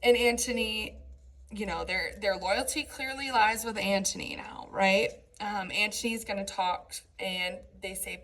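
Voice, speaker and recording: Woman teacher, slow delivery, gravelly fry, casual explanations, reads verse aloud. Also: medium pitch, a bit bright, low-quality recording. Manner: explains lines in casual paraphrase, frequent "right?" and "um". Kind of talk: classroom lecture on a play.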